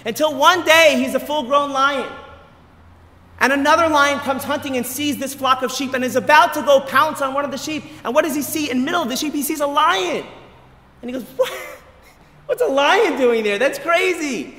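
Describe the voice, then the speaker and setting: A man giving an animated sermon as a rabbi, telling a story with emphatic repetition. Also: very high-pitched, a little fast, long reverb tail. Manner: animated, emphatic, repeats words as he builds. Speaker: rabbi giving a short lecture.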